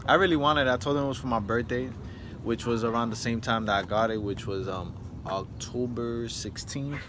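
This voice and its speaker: A man's voice: medium pitch, moderate pace, noisy background. A young man vlogging casually at home, rambling with lots of fillers as he talks about his car. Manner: rambling, filler-heavy, keeps saying "and yeah". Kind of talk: casual vlog talk. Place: outdoors at home, yard and car.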